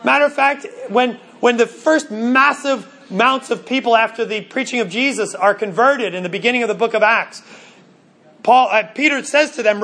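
A man preaching a sermon in an earnest way, slowing down for emphasis and often restarting his words. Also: very high voice, sharp tone. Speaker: pastor.

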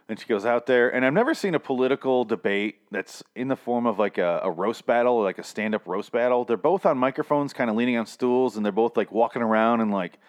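A man's voice: medium pitch, fairly quick, hardly any pauses. A man recapping a TV episode in a casual, rambling, profane, wisecracking way. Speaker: TV show reviewer.

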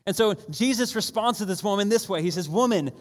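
A man preaching a sermon in a church auditorium, energetic and conversational, often asking the room if they are ready. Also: high voice, fast talker. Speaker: pastor. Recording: long church hall reverb.

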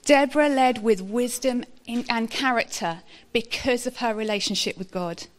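Casting: woman preacher, earnest and measured, slightly high voice. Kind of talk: sermon.

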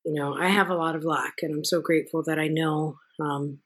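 A woman's voice: low-pitched, steady tone, brisk, fairly bright tone, husky. A woman hosting a podcast, a mother, speaking in a reflective, earnest way while thinking aloud. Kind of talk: casual interview conversation.

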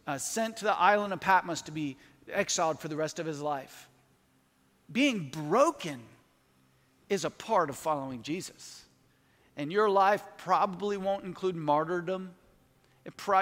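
A man's voice: high voice, fairly bright tone. A middle-aged man preaching a sermon as a pastor, earnest and building to emphatic peaks, praying aloud between points. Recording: long hall reverb.

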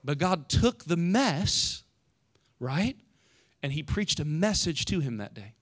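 A middle-aged man preaching a sermon as a pastor, in a conversational way, often adding "right?" and swinging from loud emphasis to hushed, quiet moments. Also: on the high side, big pitch swings, takes it slowly.

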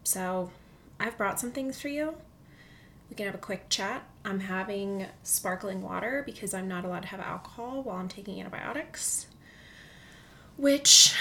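A woman hosting a casual solo podcast from a comfy chair at home, chatty and excitable, often dropping to a near whisper. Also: medium pitch, vocal fry, slight background noise. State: recovering from illness, walking with a limp. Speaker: podcast host. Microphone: studio microphone.

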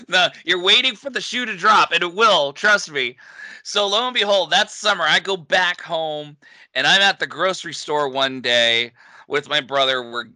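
A man's voice: on the high side, pushed and bright, no echo. A man from New England telling a funny story in a casual chat as podcast co-host, laughing often.

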